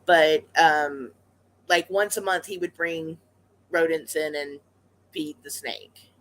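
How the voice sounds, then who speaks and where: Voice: medium pitch, fairly even intonation, slow, fairly bright tone, rough recording. A pet rat vlogger telling a story casually to the camera, rambling with lots of fillers and restarts. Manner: chatty and conversational.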